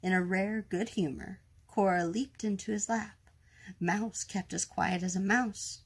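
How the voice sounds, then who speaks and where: A woman reading a children's picture book aloud in a gentle, expressive storytime manner. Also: mid-range voice, measured pace, slightly rough. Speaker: storytime reader.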